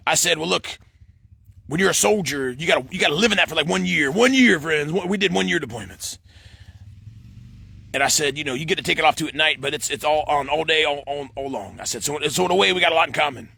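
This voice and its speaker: Guy in middle age, quick and bouncy delivery, gravelly phone vlog rant outdoors. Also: a little high, a little hiss or hum. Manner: says "friends" in nearly every line, rambling and excitable. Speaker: vlogger. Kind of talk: rambling monologue to camera.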